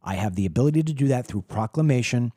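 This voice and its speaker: A man's voice: medium pitch, animated, fast, dark tone, no echo, clean studio sound. A middle-aged man hosting a political talk show, delivering an opinionated monologue full of emphatic rhetorical questions and repeated words.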